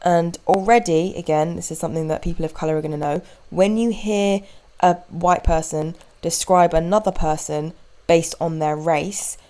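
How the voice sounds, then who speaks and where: A young woman hosting a podcast, telling a story in an animated, indignant way with quick asides. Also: fairly low pitch, rough recording. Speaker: podcast host. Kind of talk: casual storytelling monologue.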